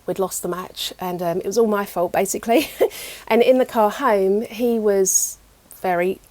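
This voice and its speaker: A middle-aged woman, telling personal stories as an interview guest in a chatty, animated way. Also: medium pitch, normal speed, no echo. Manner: chatty, animated retelling with many fillers. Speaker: guest, EFT practitioner. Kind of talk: casual interview storytelling.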